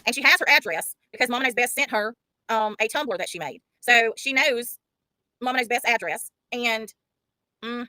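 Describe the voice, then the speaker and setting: A woman's voice: on the high side, expressive, normal speed, bright, forceful tone, dry recording, rough recording. A woman hosting a casual livestream, blunt and profane, mocking the people she talks about. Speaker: livestream host.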